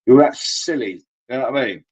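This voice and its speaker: A British man chatting casually as co-host, swearing a lot and mocking people with quick impressions. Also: mid-range voice, expressive, darkish tone, husky, no room sound. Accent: British English. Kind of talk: casual chat. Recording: dull lo-fi dry sound.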